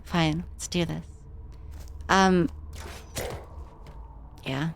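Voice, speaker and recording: A woman's voice: lowish voice, steady tone, extremely slow, creaky, a little hiss or hum. A young woman streaming a game, casually reading its dialogue aloud and swearing freely.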